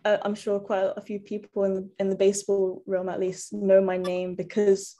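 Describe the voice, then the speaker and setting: A woman's voice: mid-range voice, completely flat delivery, normal speed, warm tone. A woman baseball player on a conference panel over a video call, earnest and reflective with some hesitations. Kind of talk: panel discussion.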